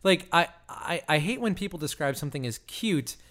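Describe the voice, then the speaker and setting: A man's voice: a little high, moderate pace. A man co-hosting a podcast in casual chat, thoughtful with playful jokes. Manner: thoughtful, joking, animated. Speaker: podcast co-host.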